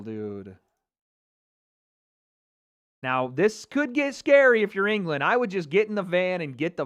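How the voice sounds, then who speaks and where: American guy reacting live to a soccer match, high voice, smooth and clear, gets loud and swears. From United States. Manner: excitable, swearing, bursts into shouts. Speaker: YouTube host.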